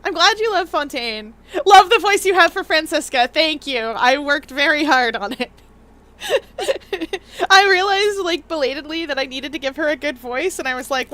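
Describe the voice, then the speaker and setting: Woman game streamer, high lively voice, laughs a lot, bright tone. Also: normal speed. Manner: giggly, animated. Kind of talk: casual gaming commentary.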